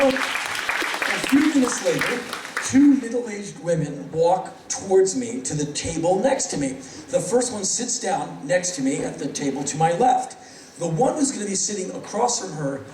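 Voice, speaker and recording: A man performing live stand-up storytelling, animated and sardonic, acting out other people's voices. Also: high-pitched, noisy background. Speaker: spoken-word performer. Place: large hall on stage. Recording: roomy live hall, distant mic. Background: audience laughter.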